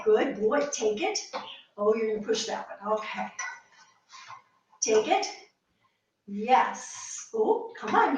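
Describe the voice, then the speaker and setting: Distant echoey woman coaxing her dog. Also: fairly high pitch. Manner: coaxing, repeating short praise and commands to a dog. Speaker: search and rescue dog handler. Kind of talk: training demonstration with running explanation. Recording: very echoey room, mic at a distance, faint noise.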